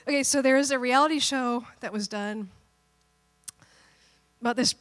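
Woman preacher with a fairly high voice, playful and lively, acting out quotes. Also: moderate pace. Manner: animated, playful, acts out quotes. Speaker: pastor. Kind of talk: sermon.

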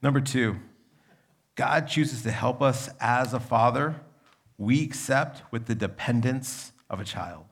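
A young adult male pastor preaching a sermon in a conversational, storytelling manner, with a gravelly voice. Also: mid-range voice, a little slow.

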